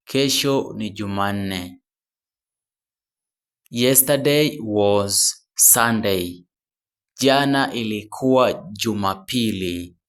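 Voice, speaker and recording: In this beginner lesson, a low-voiced English teacher with a fairly bright tone moves extremely slowly, repeating short phrases, often twice, before translating them. Now and then he breaks off mid-phrase to fix a mistake.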